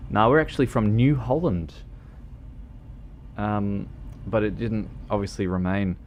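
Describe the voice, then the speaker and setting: A man's voice: on the low side, measured pace. A man, talking loosely on a livestream at a home setup. He wanders through his thoughts with lots of ums and restarts, and pokes fun at himself. A faint hum of ambience sits behind him. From New Zealand. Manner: rambling, hesitant, many fillers and restarts; self-deprecating, joking. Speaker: game streamer. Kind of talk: casual livestream chat while driving in a game.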